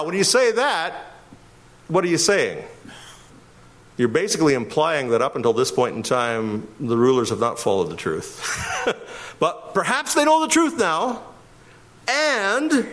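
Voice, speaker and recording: A middle-aged man from Canada teaching through a Bible passage. His pitch swings widely and sits a little high for a man, and he presses key words emphatically. He chuckles often as he explains. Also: a bit bright. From Winnipeg, Canada. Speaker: pastor.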